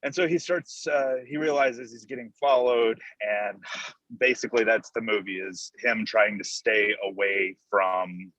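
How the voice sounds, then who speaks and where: A man's voice: lowish voice, a little slow, fairly bright tone, dry recording, low-quality recording. A man from Texas with a Texan accent, talking on a movie podcast in a hesitant, rambling way. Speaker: podcast guest. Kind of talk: casual podcast chat.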